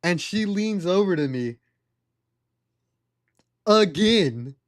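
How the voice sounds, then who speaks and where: A man's voice: high-pitched, lively intonation, slow pace. Young man rambling through a story. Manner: rambling, laughs at own story. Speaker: streamer. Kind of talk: casual storytelling on a live stream.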